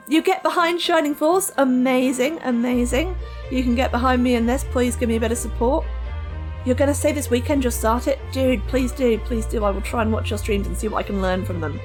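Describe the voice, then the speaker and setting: Woman, live game streamer, fairly high voice, chatty and lively, faint music under her. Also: fairly quick. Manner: chatty, animated, reads and answers chat. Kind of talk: casual live-stream chat.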